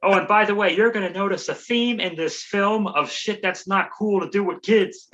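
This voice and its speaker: A man's voice: sits high, moderate pace, muffled recording, over a noisy crowd. A male comedian hosting a podcast, rambling through a sarcastic, profane recap of a movie plot.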